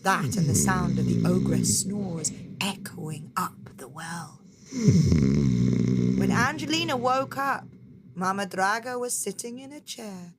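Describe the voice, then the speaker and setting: A woman storyteller telling a fairytale to children in a dramatic, expressive way. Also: medium pitch. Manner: dramatic, unhurried, with voiced characters.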